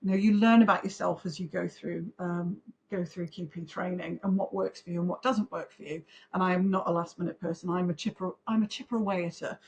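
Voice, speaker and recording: A woman in her forties, a podcast guest, telling her story in a chatty, animated way. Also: on the low side, brisk, lo-fi sound. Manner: chatty, animated, talks in long run-on recollections. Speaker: podcast guest, pharmaceutical trainer. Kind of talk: conversational interview storytelling.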